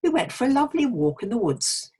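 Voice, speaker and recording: Brief: woman voicing a chatty young woman, bright and eager, a little higher and husky. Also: very animated, fairly quick. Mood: cheerful. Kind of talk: scripted dialogue for a pronunciation lesson.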